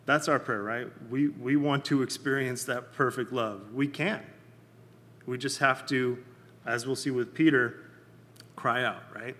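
A man's voice: mid-range voice, fairly bright tone. Man teaching Bible study in a reverberant hall. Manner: conversational, checks in with listeners often; halting, many fillers and restarts. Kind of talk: casual teaching sermon.

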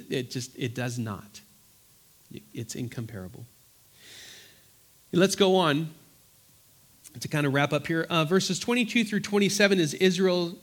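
Speaking on the high side, a pastor teaches a Bible study, slowly and earnestly reading passages aloud between simple explanations. He frequently stops and restarts his sentences.

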